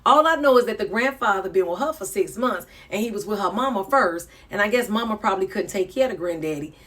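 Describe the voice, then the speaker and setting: A woman, reacting to a video in an animated, preachy way with laughing asides. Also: medium pitch, fast. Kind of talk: reaction commentary.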